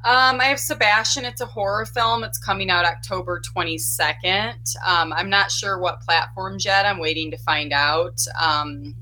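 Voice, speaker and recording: A woman's voice: lowish voice, steady tone, normal speed, hardly any pauses, pushed and bright, a little hiss or hum, rough recording. A woman with a Chicago accent, an actress guest talking upbeat with many fillers. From Illinois. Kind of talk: casual interview.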